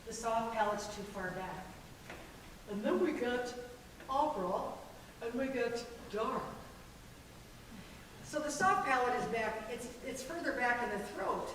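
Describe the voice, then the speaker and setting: A middle-aged woman coaches barbershop singers, explaining technique and breaking into sung demonstrations with jokes along the way. Her voice sits high. She is heard from a distance across a large hall with a long, booming echo. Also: a bit bright, a little hiss or hum. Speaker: vocal coach. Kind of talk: barbershop vocal lesson to a group. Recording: very echoey hall, voice from far off.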